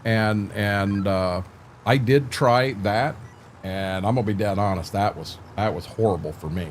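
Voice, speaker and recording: A man's voice: on the low side, moderate pace, slight background noise. Folksy older man streaming a farm game. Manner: easygoing, rambling, folksy talk. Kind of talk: casual game-stream chat.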